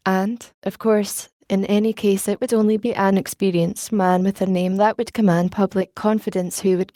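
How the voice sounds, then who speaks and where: A woman's voice: mid-range voice, warm tone, no room sound, natural voice. A woman reading the part of an old, kindly, dry-humoured news editor, with a light Scottish lilt, in an audiobook. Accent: Scottish, put on.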